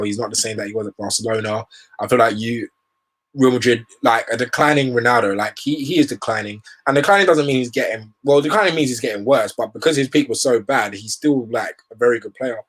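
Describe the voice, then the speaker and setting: Man, young adult, football show host, rambling opinionated chat, slangy. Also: medium pitch. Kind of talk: casual football commentary monologue.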